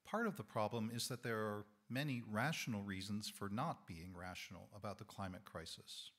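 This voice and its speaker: Hoarse man, lay preacher; thoughtful, measured sermon delivery. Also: on the low side, fairly bright tone. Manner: thoughtful, measured, with small self-corrections. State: hoarse, losing his voice. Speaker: lay speaker giving a sermon. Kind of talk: reflective sermon talk. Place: church sanctuary.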